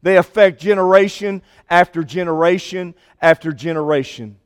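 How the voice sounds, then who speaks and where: A man preaching a sermon with an emphatic, repetitive cadence, slowing down to stress key lines. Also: high voice, clean tone. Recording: long hall reverb.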